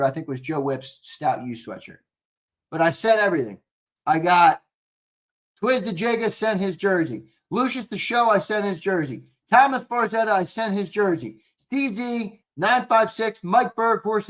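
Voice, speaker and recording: A young man with a Philadelphia accent co-hosting a live sports show, talking excitably and swearing freely while reading viewer comments. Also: high voice. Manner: excitable, profane, rambling, reads chat comments aloud. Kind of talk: casual live-stream sign-off chat.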